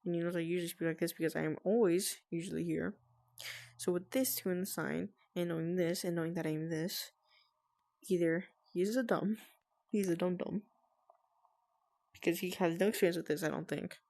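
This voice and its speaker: A woman vlogging from home, keeping her voice hushed and careful so family nearby won't hear. Her tone sits a little low, with a gravelly fry running through it and nervous little laughs. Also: steady tone, fairly quick, pauses often. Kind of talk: casual explainer talk to friends.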